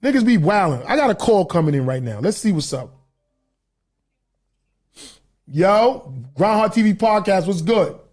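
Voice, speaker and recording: A high-pitched man runs his own podcast and rants straight into the mic. He talks in a loose, profane, heated way and rambles from one grievance to the next. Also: very animated, unhurried, pauses often, darkish tone. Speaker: podcast host. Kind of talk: casual livestream rant.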